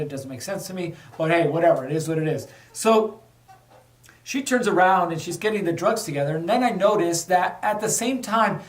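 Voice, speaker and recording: A middle-aged man, a podcast host, telling a candid personal story with a lesson, in a casual conversational way. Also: high voice. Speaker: podcast host, former undercover officer. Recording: echoey room, a bit far from mic.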